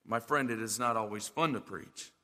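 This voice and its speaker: A man's voice: lowish voice, normal speed, sharp tone, long reverb tail. A male pastor preaching a sermon in a church, emphatic and full of rhetorical questions.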